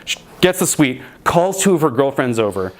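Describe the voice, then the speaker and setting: A young man telling a comedic story in an animated way, laughing and leaping high in pitch when he quotes himself. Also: normal speed. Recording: noisy background.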